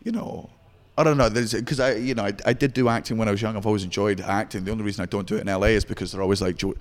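A man's voice: lowish voice, fairly even intonation, long reverb tail. Swearing Scottish comedian in his thirties. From Scotland. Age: 30s. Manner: profane, rapid storytelling. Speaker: stand-up comedian. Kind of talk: candid interview chat.

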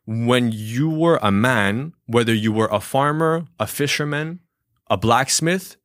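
A man's voice: medium pitch, measured pace, fairly bright tone, no room sound, studio quality. A man co-hosting a podcast, talking in an emphatic, opinionated way and often restarting his sentences. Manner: opinionated, emphatic, repeats words when starting. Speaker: podcast co-host. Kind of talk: casual podcast discussion.

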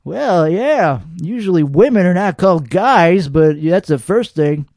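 A man's voice: high-pitched, animated, a little slow, a little mellow, no echo, clean studio sound. A man hosting a solo podcast, giving sarcastic, grumbling, rambling commentary as he reacts to online videos.

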